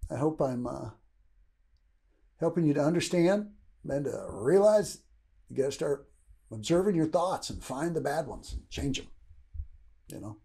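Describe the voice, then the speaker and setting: An older man from Kentucky gives a casual, rambling motivational talk. He keeps checking in with "right?" and chuckles between points. His voice sits a little high and swings widely in pitch. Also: expressive, measured pace, vocal fry, pauses often, dark tone. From Louisville, Kentucky, USA. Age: 60s. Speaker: motivational speaker.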